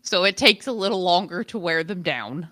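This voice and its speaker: A woman's voice: lowish voice, lively intonation, moderate pace, bright, forceful tone. A young woman co-hosting a podcast in casual chat, enthusiastic and emphatic. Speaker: podcast co-host.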